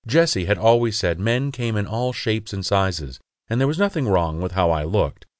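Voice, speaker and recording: A man's voice: lowish voice, expressive, normal speed, no echo. A man reading a first-person audiobook in an intimate, confessional way, on a close studio mic. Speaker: audiobook narrator.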